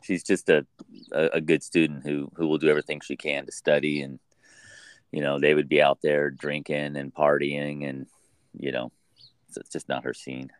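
Middle-aged male podcast co-host, low register, halting conversational delivery, dry close recording. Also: level tone, no room sound. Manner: halting, restarts phrases often. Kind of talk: casual chat.

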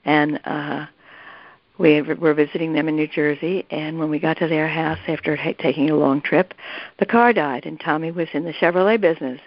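Gravelly older woman telling a family story. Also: low voice, steady tone, moderate pace, no room sound. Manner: rambling, with many restarts and asides. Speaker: interviewee recalling family history. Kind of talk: casual storytelling. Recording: dull, lo-fi, dry recording.

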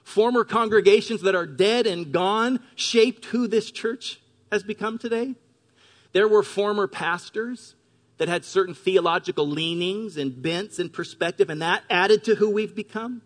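A middle-aged male pastor giving an earnest, emphatic sermon in a church gymnasium. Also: high-pitched. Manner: earnest, emphatic preaching with slow stressed phrases. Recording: long hall reverb.

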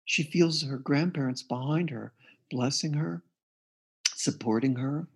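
A man's voice: on the high side, unhurried, vocal fry, breathy edge. A man being interviewed as a guest therapist, earnestly recounting a client's case and quoting the dialogue. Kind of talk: interview storytelling.

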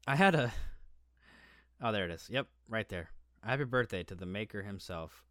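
A man's voice: on the low side, unhurried, long pauses, a bit bright, no echo. A man co-hosting a podcast in casual chat, rambling and swearing freely. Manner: rambling, profane, laid-back. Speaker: podcast co-host.

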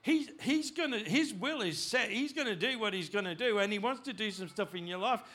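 A male pastor delivers a sermon with a high, bright and sharp voice. He preaches in an animated, unscripted way, often restarting and repeating words. His voice climbs loud and urgent in places. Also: a little fast. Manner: animated preaching, rising loud when voicing God.

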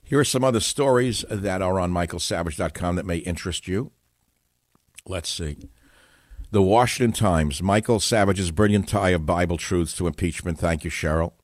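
An older man hosting a talk radio show, delivering a combative, sarcastic monologue that rises to loud bursts and drops low. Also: normal speed, no echo, clean studio sound.

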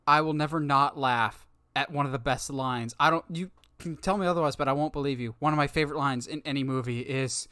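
Bright, dry-voiced opinionated co-host. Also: medium pitch, fairly quick, no echo. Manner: opinionated, playful, emphatic. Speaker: podcast co-host. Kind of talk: casual movie chat.

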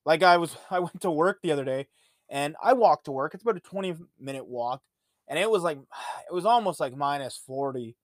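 A man's voice: on the high side, expressive, a little fast, no echo, clean studio sound. A man hosting a podcast, rambling through casual, profane stories in a laid-back way. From Ontario, Canada. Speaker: podcast host. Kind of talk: casual monologue.

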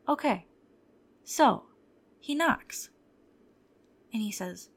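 A woman's voice: high voice, lively intonation, a little slow, long pauses. A young adult woman hosting a podcast, telling stories in a candid, profane, wry way. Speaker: podcast host. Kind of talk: casual storytelling chat.

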